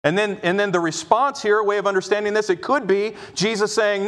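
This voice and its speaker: A man with a high voice preaches with emphatic energy, often acting out the words of people he quotes. He keeps checking in with his listeners as he teaches. His voice carries a long reverb, as in a large hall. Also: fairly even intonation, a little fast, few pauses. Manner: emphatic, dramatizes quoted speech, frequent "right?". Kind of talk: expository sermon.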